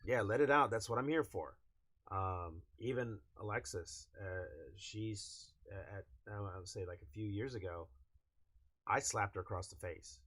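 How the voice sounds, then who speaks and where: A middle-aged man with a fairly low voice chats on a podcast. He tells frank family stories in a loose, rambling way, full of fillers and restarts. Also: normal speed, a bit bright. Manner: candid, rambling storytelling with many fillers. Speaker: podcast co-host. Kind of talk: casual chat.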